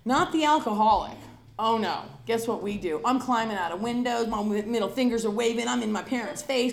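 A woman's voice: fairly high pitch, fairly quick, gravelly. Candid, dramatic woman in an echoey room. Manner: dramatic and emphatic, acting out her past self; candid and confessional. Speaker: recovering alcoholic sharing her story. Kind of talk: personal recovery talk to an audience.

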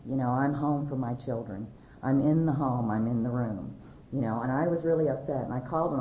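A woman in her forties sharing her personal testimony to a large audience, candid and emotional, laughing often and going high when excited. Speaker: speaker sharing her story at a recovery convention. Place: large convention hall. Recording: echoey hall, dull lo-fi sound, faint noise.

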